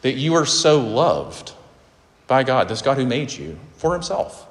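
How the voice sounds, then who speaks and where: A man's voice: mid-range voice, sing-song, a little slow. A man preaching a sermon in an earnest, conversational way, with fillers and restarts. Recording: hall reverb with faint ambience.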